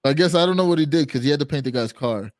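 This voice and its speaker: A man's voice: fairly high pitch, rapid-fire, dry recording, clean studio sound. A man guesting on a live stream, telling stories in a loose, rambling way full of fillers. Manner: rambling, filler-heavy storytelling. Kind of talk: casual live-stream chat.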